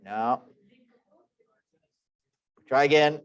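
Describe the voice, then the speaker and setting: A man's voice: medium pitch, very slow, clear, resonant tone, no room sound. A man in his forties teaching an online class with chatty, joking, self-deprecating asides. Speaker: lecturer. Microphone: computer microphone.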